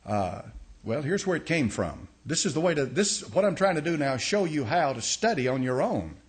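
Folksy pastor teaching a sermon. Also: male voice, fairly high pitch, sing-song, normal speed. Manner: folksy, explains step by step, many restarts and uh.

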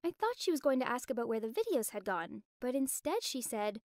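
A young woman narrating a scripted animated story with expressive, dramatic delivery. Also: on the high side, a little fast, hardly any pauses, dry recording, clean studio sound.

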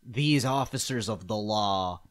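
A man's voice: on the low side, measured pace. A man playing a tabletop game, speaking for his character in an earnest, casual way. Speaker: player. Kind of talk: casual tabletop role-play.

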